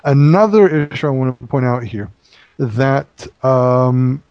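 A man's voice: medium pitch, dry recording, highs cut off. A man teaching in a conversational Bible study, explaining at length with frequent halts and restarts. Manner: halting, many restarts while explaining.

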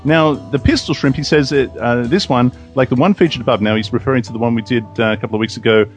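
A man's voice: medium pitch, quick pace, soft background music. An Australian man hosting a podcast in casual chat, upbeat and jokey. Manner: upbeat, jokey, laughs easily. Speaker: podcast host.

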